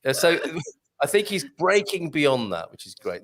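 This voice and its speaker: A man's voice: a little high, unhurried. A man hosting a casual live-stream chat, joking and reading out viewer comments. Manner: animated, jokey, reads viewer comments aloud. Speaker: show host.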